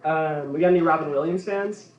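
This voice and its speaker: A man's voice: a little high, brisk, highs cut off. Rambling comedian laughing at his own jokes. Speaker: stand-up comedian. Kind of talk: stand-up set. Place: comedy venue. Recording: roomy, from far off.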